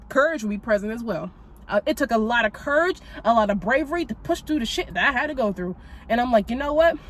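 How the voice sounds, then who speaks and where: A woman in her twenties hosting a spiritual podcast, talking bluntly and sassily, with a lot of swearing and plenty of "like" fillers. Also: a little high. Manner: blunt, profane and sassy, with lots of "like" fillers. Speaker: podcast host. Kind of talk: casual spiritual podcast monologue.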